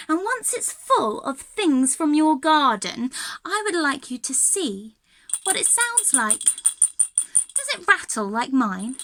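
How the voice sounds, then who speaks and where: A young woman runs a lesson for small children with a very high, bright voice that swings up and down in a lively sing-song. She takes her time, stretching out each instruction slowly and warmly encouraging the little ones. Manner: bubbly, sing-song, encouraging, laughs often. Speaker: early years music and drama teacher. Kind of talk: children's singalong and movement lesson.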